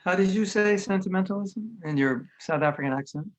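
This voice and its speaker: A man's voice: sits high, brisk. An American man giving an informal spiritual lecture over a video call, talking in a conversational way and acting out other people's voices. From United States. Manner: conversational, lively, acts out quoted voices. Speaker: spiritual teacher giving an online class.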